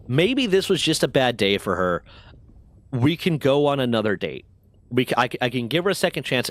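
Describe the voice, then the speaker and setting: A man's voice: on the high side, fairly bright tone. A man casually telling a long story to a live chat, rambling and self-deprecating with lots of fillers.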